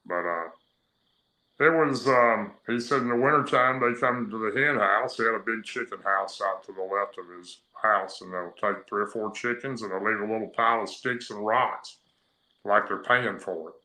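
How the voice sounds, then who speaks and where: Guy from rambling through his story, lotta uhs and ums, low bright voice. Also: normal speed. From Tennessee. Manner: rambling, plain-spoken storytelling with many fillers. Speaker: guest. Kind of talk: telling a personal story on a radio interview. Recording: echoey, roomy sound.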